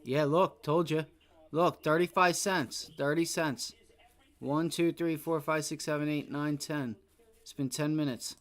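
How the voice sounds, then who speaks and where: Unhurried and steady in tone, this young man's fairly high voice carries his live-stream commentary as a day trader. Frustration shows as he swears and says the same exclamations over and over.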